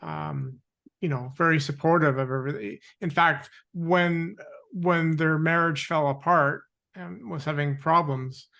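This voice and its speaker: A man hosting a talk show, speaking haltingly with many restarts. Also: on the high side, bright, forceful tone. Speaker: host. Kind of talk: casual chat.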